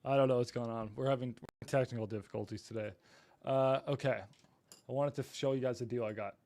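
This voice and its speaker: A man's voice: mid-range voice, fairly even intonation, a little fast, darkish tone, dry recording. A man hosting a casual livestream, apologetic and flustered while he fights his equipment and talks to viewers. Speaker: livestream host.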